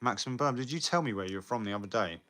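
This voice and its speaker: A young British man rambles through a casual live stream, his low-leaning voice fast, expressive, bright, and forceful. He swears often, answers viewer comments, and laughs between lines.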